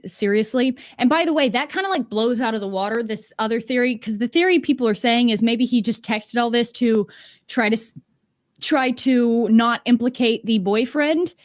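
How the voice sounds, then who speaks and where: A woman's voice: on the high side, dry recording, studio quality. A woman streamer giving sarcastic, incredulous reaction commentary, swearing casually as she picks apart what she reads.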